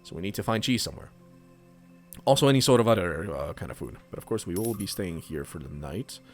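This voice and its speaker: Lively, low-voiced gaming man. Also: a little fast, soft background music. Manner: chatty, thinking aloud with fillers. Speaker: gaming youtuber. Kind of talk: casual let's play commentary.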